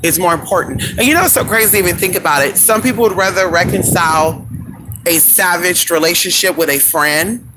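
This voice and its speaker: High-voiced sassy male vlogger, foul-mouthed, voice going, noisy in-car phone recording. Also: fairly quick. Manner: sassy, profane, talks to viewers as "y'all" and "honey". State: losing his voice. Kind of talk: casual live-stream chat. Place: in a car at a gas station. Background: car and traffic noise.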